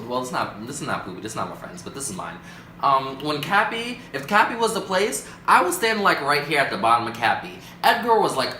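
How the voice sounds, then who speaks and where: A young man tells a story to his camera with lots of drama, acting out the voices of the people in it and swinging his pitch up and down. His voice sits fairly high and sounds bright. The room around him is echoey. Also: slight background noise. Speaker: vlogger. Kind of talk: storytime vlog.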